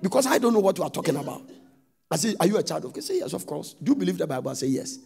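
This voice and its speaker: A man preaching a sermon, telling stories and rising into sudden loud sung-out phrases. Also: high voice, big pitch swings, rapid-fire, gravelly, slightly rough.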